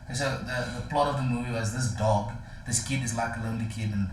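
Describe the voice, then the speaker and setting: A man's voice: mid-range voice, flat delivery, quick pace, roomy sound, a little hiss or hum, low-quality recording. A man co-hosting a casual sport podcast, telling rambling stories with lots of fillers. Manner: rambling storyteller, many fillers. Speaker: podcast co-host.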